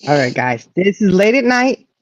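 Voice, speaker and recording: A woman hosts a relaxed livestream chat, teasing and laughing as she goes. Her pitch swings widely and stays lively. The sound is dry and a bit dull, like a modest home mic. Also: normal speed, no room sound. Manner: playful teasing, laughing often. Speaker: livestream host. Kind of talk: casual chat reading viewer comments.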